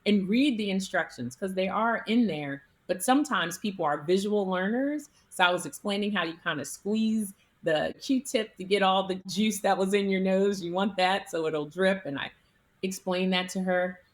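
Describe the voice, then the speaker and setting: A woman physician being interviewed, telling stories in an animated, conversational way. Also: mid-range voice, normal speed. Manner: animated, acts out quoted people in her stories. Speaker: physician, guest.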